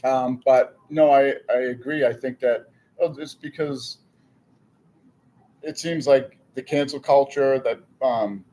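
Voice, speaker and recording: A man's voice: medium pitch, fairly even intonation, slow, dark tone, rough recording. A man answering questions in a casual podcast chat, easygoing and thoughtful. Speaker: podcast guest.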